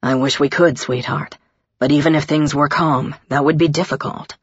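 Woman voicing a soft-spoken young prince. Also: a little high, fairly even intonation, normal speed, slightly rough, dry recording. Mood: tender. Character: gentle young male prince, earnest. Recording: dull lo-fi recording.

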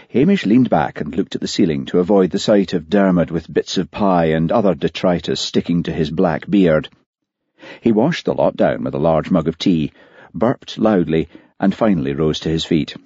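A man narrating an audiobook in a lively, expressive reading voice. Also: low voice, moderate pace, husky, no room sound, highs cut off. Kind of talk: scripted narration.

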